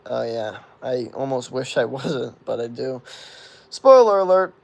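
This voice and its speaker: Gravelly young man rambling casually. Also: medium pitch, flat delivery, measured pace, darkish tone. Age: 20s. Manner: rambling, filler-heavy with constant "like", swears freely. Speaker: streamer answering chat questions. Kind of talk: casual livestream chat.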